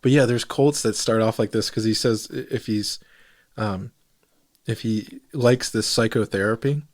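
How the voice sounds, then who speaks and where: A man co-hosting a casual podcast, talking in a rambling, hesitant way with many pauses and ums. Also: on the low side. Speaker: podcast co-host. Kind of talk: casual chat.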